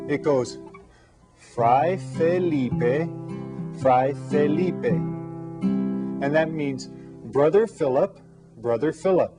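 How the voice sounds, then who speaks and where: A man teaching an elementary Spanish lesson to children, with slow, clear, patient speech that switches between English and Spanish. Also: medium pitch.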